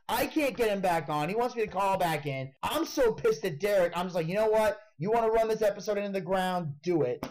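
Animated male podcast host telling a story. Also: high-pitched, poor audio. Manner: animated storytelling, swears freely. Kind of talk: casual podcast chat.

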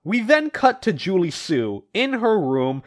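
A man's voice: high-pitched, sing-song, a little slow. A man co-hosting a casual comic review podcast, recapping plots and laughing often. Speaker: podcast co-host.

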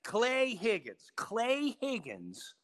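A man hosting a podcast in casual chat, excitable and rambling, laughing often. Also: very high voice, extremely slow, crowd noise. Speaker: podcast host.

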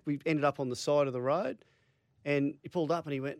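A man on a radio show telling a joke as a casual story, playful and relaxed. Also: mid-range voice, fast talker, no echo, studio quality. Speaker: radio co-host.

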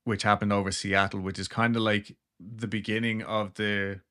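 A man's voice: lowish voice, little pitch movement, normal speed, pushed and bright. A man co-hosting a podcast, casually retelling a story with jokes and laughter. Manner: joking, laid-back, trails into laughs. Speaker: podcast co-host.

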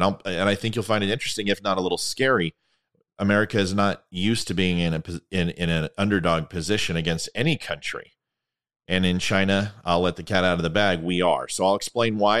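A man's voice: low-pitched, a bit bright. A man hosting his own show in a casual monologue. He rambles and gets sarcastic. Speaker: podcast host.

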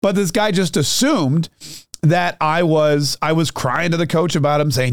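A man's voice: fairly high pitch, expressive, a little fast, no room sound, clean studio sound. A middle-aged man hosting a talk show, telling a rambling, self-mocking story in a casual monologue. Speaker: radio talk show host.

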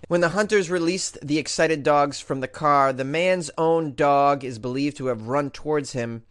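A man's voice: fairly high pitch, a little slow, clean tone. Jokey male host riffing on weird news. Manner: jokey, reads stories then riffs with mock outrage. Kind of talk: casual comedic news commentary.

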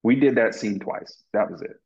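Earnest low-voiced man, lo-fi audio. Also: moderate pace. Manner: earnest, animated, many fillers and restarts. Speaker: actor guest. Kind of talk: casual interview storytelling. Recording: lo-fi muffled audio.

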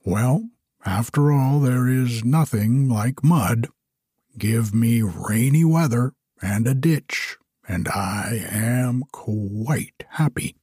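A man voicing a talkative, self-satisfied little pond frog in a storybook, prattling on in a breathy, often whispery voice. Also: medium pitch, slow pace, mellow, dry recording, clean studio sound. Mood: chatty. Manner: gushing, prattling, complacent.

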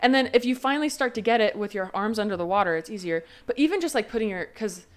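A young woman co-hosting a casual chat podcast, telling family stories in an animated way with plenty of fillers. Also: medium pitch. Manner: animated storytelling, quick laughs, filler-heavy. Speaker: podcast co-host.

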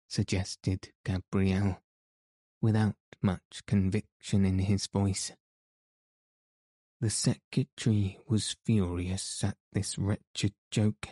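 A man reading a novel aloud as an audiobook narrator, in a measured, even manner. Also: fairly low pitch, no echo. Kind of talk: scripted narration.

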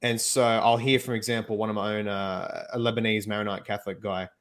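A man's voice: lowish voice, little pitch movement, fairly quick, fairly bright tone. Opinionated man in casual discussion. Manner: opinionated, emphatic.

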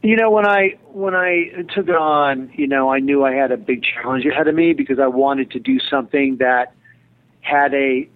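A man's voice: medium pitch, moderate pace. A middle-aged man, a television director, giving chatty, digressive interview answers with a joking streak. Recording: tinny phone-line audio.

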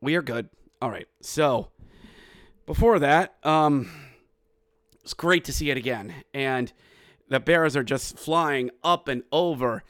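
A man hosting a hockey podcast, recapping a game with animated play-by-play and bursts of yelling. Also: medium pitch, takes it slowly, pauses often, no echo, studio quality. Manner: animated, yells play-by-play with goal calls. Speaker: podcast host.

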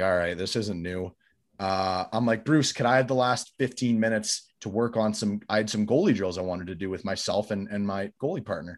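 A man telling a long story in casual podcast chat, getting loud and sweary as he relives his anger. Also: lowish voice. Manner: animated, swears freely, gets louder recounting anger.

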